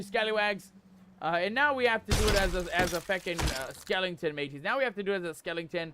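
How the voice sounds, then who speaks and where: Reading viewers' messages aloud and talking like a playful pirate, a man narrates his pirate game on a live stream. His voice sits high and he speaks fast, with music and noise in the background.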